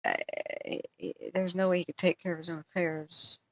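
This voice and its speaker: Here a fairly low-pitched female livestreamer speaks briskly, retelling a lengthy story in a loose, animated fashion full of side comments. The high frequencies of the audio are cut off.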